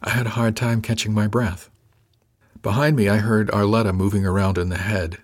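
A man with a low voice reads a first-person science fiction novel aloud. His storytelling is measured and dry, paced evenly through the narration. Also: steady tone. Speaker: audiobook narrator.

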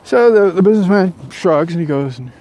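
A man telling a parable aloud, unscripted, with halting restarts and fillers. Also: high voice, animated, mellow. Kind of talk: oral storytelling of a parable.

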